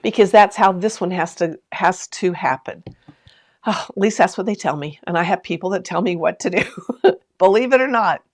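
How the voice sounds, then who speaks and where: A woman's voice: fairly low pitch, moderate pace. A woman hosting a sewing live stream from home, chatting to viewers, reading out their comments and laughing often as she tells a story. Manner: talks straight to viewers with lots of asides and questions. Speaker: sewing channel host.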